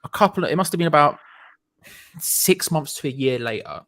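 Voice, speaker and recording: A man's voice: fairly high pitch, fairly quick, no room sound. A young man, casually telling a long story with lots of swearing and acted-out voices. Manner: animated, swears often, acts out voices in his stories.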